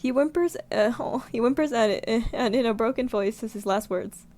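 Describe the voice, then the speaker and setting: A young woman streamer reading a visual novel aloud, giggling and reacting with animated outbursts. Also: a little high, normal speed. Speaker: gaming streamer.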